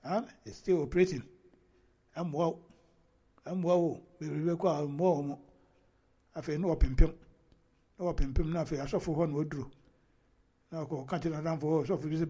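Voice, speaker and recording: A man's voice: a little high, steady tone, moderate pace, long pauses, warm tone, slightly rough. A Ghanaian man giving casual commentary on a video, switching between Twi and English and reading a news report aloud between remarks. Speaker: online commentator.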